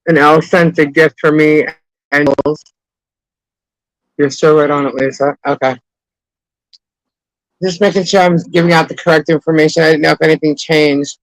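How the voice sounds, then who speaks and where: A man's voice: fairly high pitch, steady tone, normal speed, long pauses, no room sound, rough recording. A man co-hosting a casual live stream, talking in a chatty way and greeting viewers by name.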